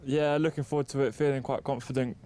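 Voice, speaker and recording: A man who is a racing driver, calm and measured in a pit lane interview. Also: medium pitch, a little hiss or hum.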